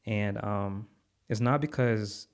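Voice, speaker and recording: Low-voiced man telling a heartfelt story. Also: takes it slowly, clear, resonant tone. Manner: heartfelt, repeats words, many fillers. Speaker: podcast guest, content creator. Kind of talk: earnest storytelling in conversation.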